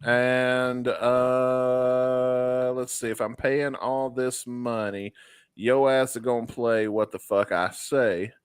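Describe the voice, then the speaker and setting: A man's voice: medium pitch, flat delivery, slow, smooth, no echo, clean studio sound. A man co-hosting a podcast in casual chat, bantering and joking with profanity. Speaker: podcast co-host.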